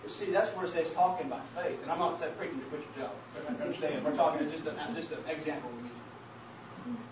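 A man preaching a sermon and sharing his testimony, calling out to the congregation as saints of God and building to emphatic shouts. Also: fairly high pitch, brisk. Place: church hall. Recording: very echoey, distant, dull church recording with faint hiss.

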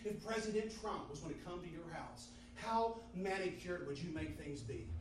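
A man's voice: high voice, animated, moderate pace, slight background noise. A man preaching a fervent sermon, repeating phrases in call-and-response style. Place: church sanctuary. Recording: roomy, distant mic in a hall.

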